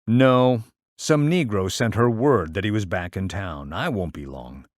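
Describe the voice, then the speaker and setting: A man reading aloud, voicing a calm middle-aged father with a dry, sarcastic wit. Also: on the low side, measured pace, no echo.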